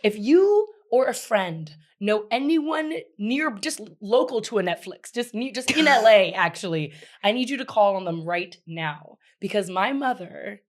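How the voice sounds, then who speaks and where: Brief: woman co-host, laughing, joking pop culture chat, mid pitch. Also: lively intonation, unhurried, few pauses. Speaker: podcast co-host.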